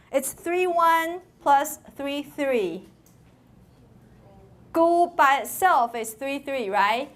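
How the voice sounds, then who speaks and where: Woman, university lecturer, slow pace, classroom teaching, drawn-out chanted syllables. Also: high-pitched. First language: Taiwanese. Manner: demonstrates tones by chanting syllables slowly.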